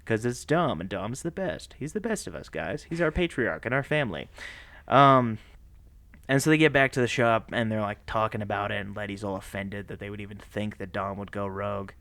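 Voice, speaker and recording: A man co-hosting a podcast, recapping a movie plot in a casual, animated way, laughing often and slipping into voices for the characters. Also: lowish voice, a little fast. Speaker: podcast co-host.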